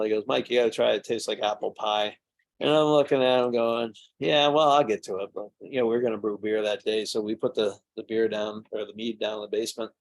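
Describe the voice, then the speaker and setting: A man's voice: lowish voice, creaky. A middle-aged man, a mead maker, telling rambling anecdotes in a casual way at a tasting. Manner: rambling anecdotes with fillers and restarts. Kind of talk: casual storytelling during a tasting.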